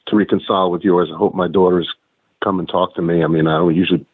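A man's voice: low voice, steady tone, fast, husky, dry recording. A middle-aged man, a guest calling in by phone, telling stories in chatty casual talk with many restarts. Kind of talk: casual interview chat. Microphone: phone call. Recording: muffled phone line.

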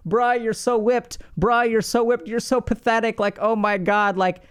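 A man voicing a teasing young male friend who mocks him with slow, slangy taunts. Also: very high-pitched, fairly even intonation, a bit bright, clear, resonant tone, voice pushed up. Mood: mocking. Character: teasing young male buddy, mocking and playful.

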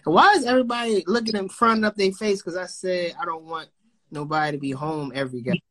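A man's voice: sits high, quick pace, sharp tone. A man in casual chat, talking loosely and profanely and often circling back on his words. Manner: loose, profane, rambling and repeats himself.

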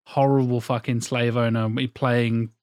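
A man's voice: mid-range voice, little pitch movement, a little slow, darkish tone, no echo, studio quality. A man in his thirties co-hosting a podcast, talking about films in a casual, rambling way and swearing often. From England. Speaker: podcast co-host. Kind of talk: casual film discussion.

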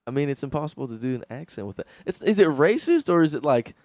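A man's voice: on the high side, big pitch swings, fast, darkish tone, no echo, clean studio sound. A young man co-hosting a podcast, telling loose jokey stories in casual chat. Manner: laughing, swearing, loose storytelling. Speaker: podcast co-host.

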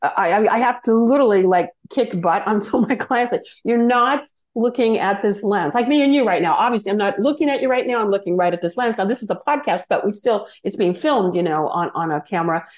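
A woman who works as a speaking coach, talking as a podcast guest in an excitable, energetic way that jumps between thoughts. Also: medium pitch, fast, few pauses. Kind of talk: conversational podcast interview.

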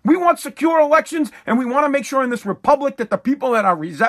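Man, podcast host, angry political rant, swearing, emphatic, repeats himself, very high voice. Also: expressive, fast, a bit bright. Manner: profane, emphatic, repeats words when worked up.

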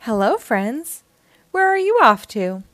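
A sociable, helpful storybook snake greeting friends, as a woman reads its lines. The voice is high and bright, rising and falling in a lively way. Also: slow pace, no echo, full character voice. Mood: friendly.

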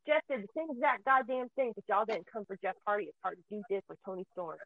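A woman's voice: mid-range voice, expressive, fast, dry recording. Woman, ranting with raw emotion and profanity, voice close to tears; dry and phone-thin. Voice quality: profane, heated, voice near tears. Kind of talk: angry emotional rant. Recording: tinny phone-like sound.

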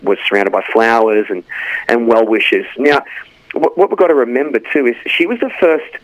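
A man's voice: mid-range voice, normal speed, dry recording, dull audio. Chatty Australian man on a dry line. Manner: chatty, rambling with restarts. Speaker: guest correspondent. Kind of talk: radio interview. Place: Los Angeles.

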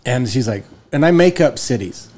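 A man co-hosting a casual podcast chat, telling stories and jumping into high voices when he quotes people. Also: animated, moderate pace, darkish tone. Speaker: podcast co-host.

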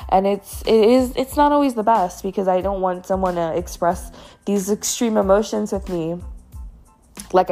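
A woman's voice: mid-range voice, moderate pace, warm tone, faint music behind. A young woman hosting a podcast, telling a candid personal story in a rambling way with many fillers. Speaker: podcast host.

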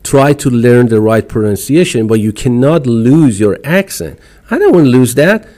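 A middle-aged man from Iran with an Iranian accent, talking as a podcast guest in an animated, emphatic way, with non-native phrasing. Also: medium pitch, normal speed. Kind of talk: casual interview chat.

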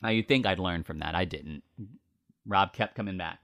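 A man's voice: low-pitched, moderate pace, vocal fry, fairly bright tone. A man hosting a faith podcast, telling a personal story in an earnest, reflective way. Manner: earnest, with fillers and restarts. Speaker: podcast host.

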